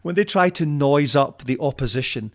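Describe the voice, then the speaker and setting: A man's voice: mid-range voice, normal speed. A man on a podcast telling football anecdotes in a chatty, laughing way, often restarting his sentences. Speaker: podcast guest. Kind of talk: casual chat. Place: home in Canada.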